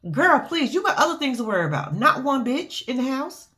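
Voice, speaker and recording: Animated, sassy woman recapping with profanity. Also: high-pitched, a little fast. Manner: blunt, profane and sassy, acting out quotes. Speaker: reality show recapper. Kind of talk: casual reaction recap.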